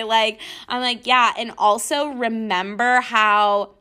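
A woman's voice: a little high, fairly even intonation, measured pace, sharp tone. A young woman hosting a podcast, casually telling a personal story to listeners, full of "like" and mocking retellings. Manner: chatty, frequent "like", mocking retellings. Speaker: podcast host.

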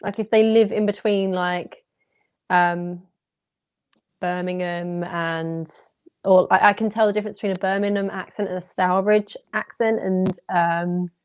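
A woman's voice: lowish voice, steady tone, measured pace, clear, resonant tone, highs cut off. A woman from England co-hosting a casual podcast chat, bubbly and confident, rambling as she talks. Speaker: podcast co-host. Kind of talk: casual group chat on a video call.

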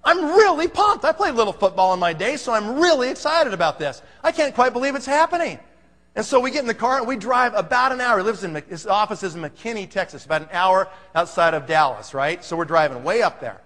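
High-voiced excitable male storyteller. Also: quick pace, few pauses, big-room sound. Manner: excitable, acts out quoted voices, laughs often. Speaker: speaker telling a business story. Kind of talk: animated storytelling talk.

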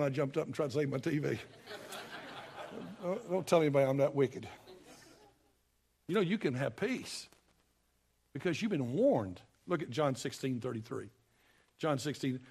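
A man preaching a sermon, folksy and emphatic, with sudden loud bursts. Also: on the high side, animated, brisk. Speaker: pastor.

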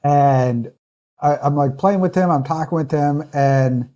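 A man's voice: fairly high pitch, unhurried, mellow, muffled recording. A man who serves as a pastor, talking through a personal story in a casual interview, earnest and reflective, often restarting his sentences.

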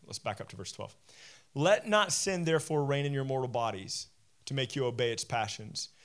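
A man in his forties preaching a sermon as a pastor, animated and conversational, often self-deprecating. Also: on the high side.

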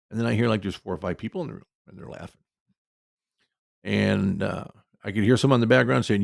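A man's voice: on the low side, quick pace, creaky, dry recording. A man from Iowa hosting a storytelling show, chatty and playful, poking fun at himself. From Iowa, USA. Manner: chatty, playful, self-mocking humor with quoted dialogue. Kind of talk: casual spoken storytelling.

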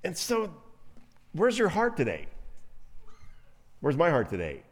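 A man preaching a sermon in a slightly high voice that swings widely in pitch. He speaks animatedly, acts out the voices he quotes, and often repeats his words as he builds a point. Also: wildly swooping pitch, unhurried. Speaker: pastor.

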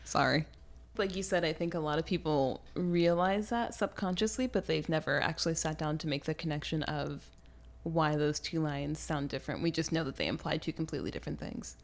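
A woman co-hosting a podcast in a casual book discussion, animated, laughing often and acting out quoted lines. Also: low voice, brisk. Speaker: podcast co-host.

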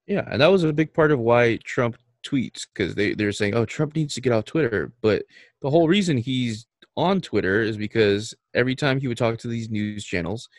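Brief: male podcast co-host, calm and explanatory, dry close recording. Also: mid-range voice, normal speed, no room sound. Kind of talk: casual chat.

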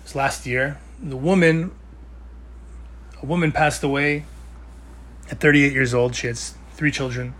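A man's voice: mid-range voice, steady tone, a little slow, pauses often, a bit bright. A young man giving an earnest, conversational weekly Torah talk, with Hebrew and Yiddish terms mixed in. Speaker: Torah speaker.

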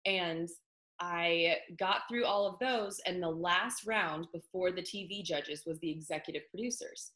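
A woman's voice: fairly low pitch, a little slow, bright, forceful tone. A young woman, a country singer, chatting casually in an interview with lots of fillers. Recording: echoey room.

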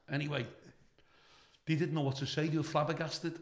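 Telling anecdotes as a guest, a middle-aged comedian swears freely and laughs while he talks. His voice runs on the high side with a level tone, fairly quick but broken by long pauses, in an echoey space.

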